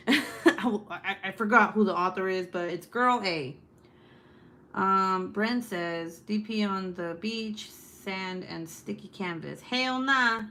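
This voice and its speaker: Loud, profane woman chatting on a live stream. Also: mid-range voice, takes it slowly. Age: 30s. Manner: loud and profane, laughing often. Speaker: host. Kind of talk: casual live-stream chat.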